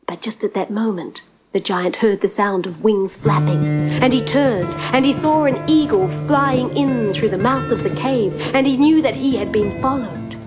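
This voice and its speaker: A woman telling a fairy tale in a lively, expressive way, stretching words for effect. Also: medium pitch, normal speed. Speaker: storyteller. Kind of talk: storytelling. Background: guitar music.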